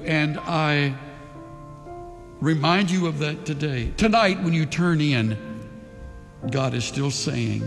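An older man preaching a sermon earnestly, moving between hushed, quiet passages and emphatic declarations. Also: on the high side, slow pace, vocal fry, pauses often, soft background music. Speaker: pastor. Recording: long hall reverb.

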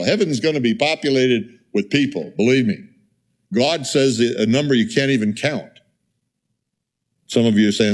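A middle-aged male pastor with a medium-pitched voice preaches conversationally, posing rhetorical questions and making asides to the congregation.

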